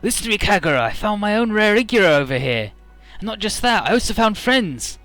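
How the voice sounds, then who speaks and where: An earnest young hero, as a man reads him out from a game, speaking in a raised, hopeful voice. The delivery is a little higher than the reader's own, over faint game music. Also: big pitch swings, brisk, fairly bright tone, no echo, full character voice. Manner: earnest, read-aloud game dialogue.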